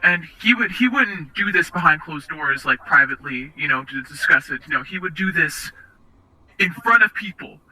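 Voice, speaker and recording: A young woman being interviewed, recounting personal experiences in a halting, hesitant way with many restarts. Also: deep voice, lively intonation, bright, forceful tone, rough recording. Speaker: interview guest.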